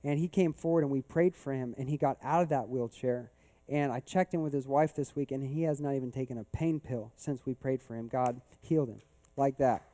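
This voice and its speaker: A man's voice: mid-range voice, a little fast, warm tone. A male pastor preaching a sermon at a church service. He tells a story in a conversational way, then builds to emphatic rhetorical questions.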